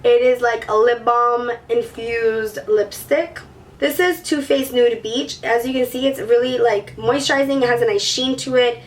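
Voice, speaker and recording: Beauty vlogger girl, sick, sore throat, kinda high voice, says like a lot, mic a bit far off. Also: steady tone, normal speed. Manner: chatty, peppered with "like", gushing. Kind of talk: casual chat to camera.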